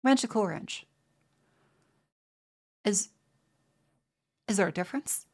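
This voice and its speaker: Her voice is medium-pitched, animated, slow-paced and slightly mellow as she streams live. The young Australian woman answers viewers casually and crudely, rambling with frequent stammers and restarts.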